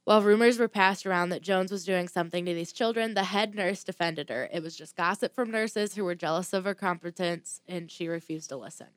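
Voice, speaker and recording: A woman's voice: lowish voice, a little fast, few pauses, dry recording. A woman tells a true crime story in a loose, chatty way. She reads through her notes, stumbles now and then, and drops in blunt, profane asides. The sound is dry and close. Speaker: podcast host telling a true crime story. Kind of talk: casual storytelling chat.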